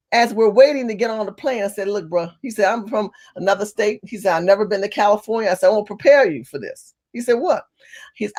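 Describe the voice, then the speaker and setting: A woman telling a story to her camera in an animated, emphatic rant, with some cursing. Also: medium pitch. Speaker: vlogger. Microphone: phone or camera facing her.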